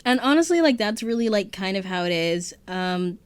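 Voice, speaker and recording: A woman's voice: medium pitch, animated, moderate pace, smooth. A young woman casually retelling a book's plot, rambling with lots of fillers. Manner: rambling, full of "like" and "um". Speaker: guest book reviewer.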